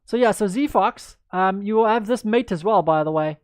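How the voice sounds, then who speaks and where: A woman's voice: mid-range voice, moderate pace, dry recording, clean studio sound. Chatty woman coaching chess live. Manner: chatty and upbeat, answers viewers by name. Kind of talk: livestreamed chess lesson, answering chat.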